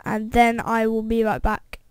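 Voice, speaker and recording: Slow-talking excitable woman gaming host. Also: fairly high pitch, clean tone, no room sound. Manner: excitable, reacting aloud to the game; talks straight to viewers as guys. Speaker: gameplay video host. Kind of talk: let's-play gameplay commentary.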